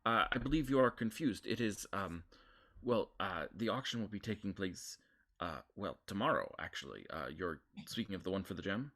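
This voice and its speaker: A man's voice: sits low, expressive, normal speed, fairly bright tone, full character voice. A man voicing a small, flustered female goblin receptionist who stammers and is eager to please.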